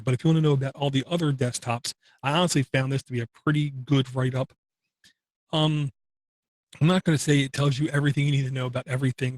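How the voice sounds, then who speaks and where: Blunt, opinionated older podcast host. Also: male voice, medium pitch, dry recording. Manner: opinionated, blunt, self-described grumpy. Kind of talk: casual tech podcast chat.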